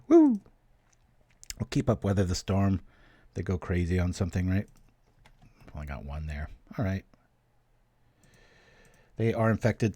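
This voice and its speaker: A deep, darkish, slightly rough male voice comes through in a dry recording. He runs a gaming channel's card game show, narrating his own moves as he plays, chatting casually and cracking small jokes.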